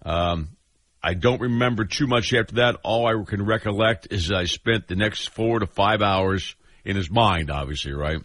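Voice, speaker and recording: A man's voice: lowish voice, normal speed, a bit bright, no room sound. A man hosting a radio talk show, reading a listener's message aloud in a laid-back way, chuckling often.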